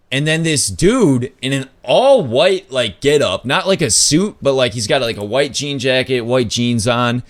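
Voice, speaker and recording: A man hosting a podcast, telling a story in a loose, casual way, full of "like" and swearing, with sudden pitch jumps when he acts out other people. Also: no room sound. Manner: loose, filler-heavy talk with lots of "like" and swearing. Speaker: podcast host.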